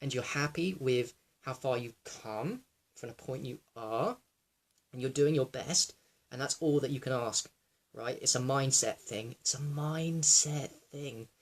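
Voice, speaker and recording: A young man in a raw personal monologue, reflective and halting, with many fillers and restarts, sometimes close to tears. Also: medium pitch. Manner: emotional, close to tears at times. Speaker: wellness vlogger.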